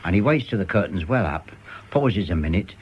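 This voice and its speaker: A man's voice: low voice, animated, a little fast. An older man hosting a radio show, telling anecdotes in a chatty, reminiscing way and bringing in his guests. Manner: chatty anecdote teller who chuckles and calls on guests. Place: radio studio. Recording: muffled old radio broadcast with faint hiss.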